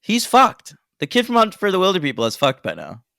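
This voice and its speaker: A man's voice: high-pitched, a little fast, creaky, dry recording, studio quality. A man co-hosting a podcast, chatting casually and jokily about movies. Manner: animated, jokey, laughs often. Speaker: podcast co-host. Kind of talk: casual movie review chat.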